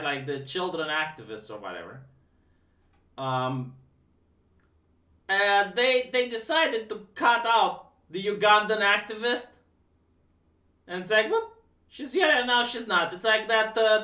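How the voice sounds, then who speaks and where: A man's voice: high voice, expressive, measured pace, long pauses, sharp tone. A man hosting a live stream, talking casually in a sarcastic, mocking way with many stammered restarts. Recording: echoey room, distant mic.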